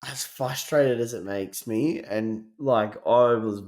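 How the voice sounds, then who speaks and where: A man's voice: mid-range voice, takes it slowly, darkish tone. Easygoing man telling stories. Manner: easygoing, says bro a lot, keen storyteller. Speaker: podcast co-host. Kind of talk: casual chat.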